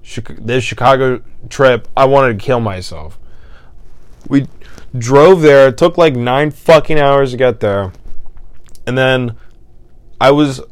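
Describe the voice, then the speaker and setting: A frustrated young man vents in a casual solo podcast, swearing often. His voice is smooth and clean, recorded dry with no room around it. He lurches from loud exasperation to low, defeated muttering. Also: takes it slowly, long pauses, no room sound. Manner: exasperated, profane, swinging between loud outbursts and low mutters. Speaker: podcast host. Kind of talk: casual ranting monologue.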